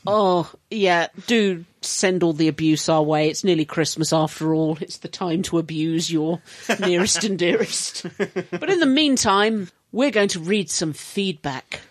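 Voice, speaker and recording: A woman co-hosting a podcast in casual chat, playful and quick to laugh as she reads out listener letters. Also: lowish voice, no echo. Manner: giggly, playful, often laughing. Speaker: podcast co-host.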